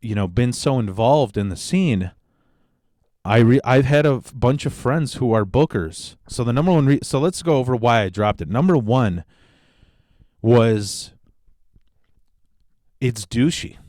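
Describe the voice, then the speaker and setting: Profane, animated male comedian on a podcast. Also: mid-range voice, a little slow, long pauses, no echo, clean studio sound. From Chicago area. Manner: profane, animated storytelling with sudden excited outbursts. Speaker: podcast host and stand-up comedian. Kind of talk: casual solo podcast monologue.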